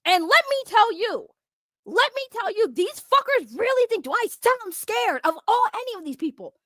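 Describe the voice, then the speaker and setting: Very high-voiced woman ranting profanely. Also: big pitch swings, moderate pace, fairly bright tone, no room sound, clean studio sound. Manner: profane, confrontational, repeats points for emphasis. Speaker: online commentator. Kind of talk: heated ranting vlog.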